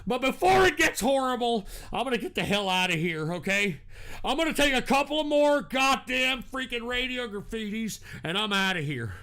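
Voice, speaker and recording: A man's voice: very high voice, very animated, normal speed, sharp tone. A man hosting a call-in show, ranting angrily and cursing at trolls in the chat room. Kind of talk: angry profane rant.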